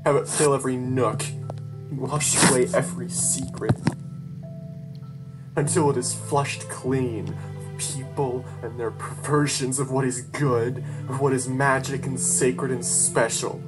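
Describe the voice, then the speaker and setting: A narrator telling a first-person horror tale with raw, tearful emotion that breaks into frantic outbursts. The voice sits at a middling pitch, and clear guitar music plays steadily behind it. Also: steady tone, unhurried. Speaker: storyteller.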